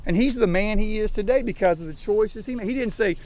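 Emphatic fifties coach speaking outdoors. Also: male voice, high-pitched, fairly quick, darkish tone, a little hiss or hum. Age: 50s. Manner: emphatic, preaching with repeated punchlines. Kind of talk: motivational talk to a team. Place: outdoors in a rural field.

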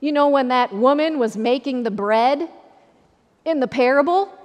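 Speaking at a normal pace, a woman pastor delivers a conversational, repetitive sermon in an Upper Midwest American accent. Her voice is high-pitched yet darkish in tone. The church sanctuary gives the recording a long reverb.

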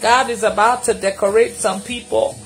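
A woman's voice: a little high, steady tone, normal speed, faint music behind. Fervent woman minister declaring healing. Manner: fervent, repetitive declarations with bursts of laughter; intermittently shouts and prays in tongues. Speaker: prophetic minister. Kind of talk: live prophetic prayer and deliverance.

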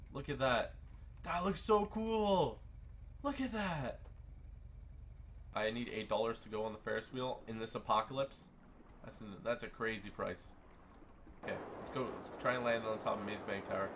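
A young man giving excited commentary while playing a video game, often breaking into loud bursts of surprise. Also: lowish voice, normal speed, long pauses, slight background noise. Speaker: gaming YouTuber.

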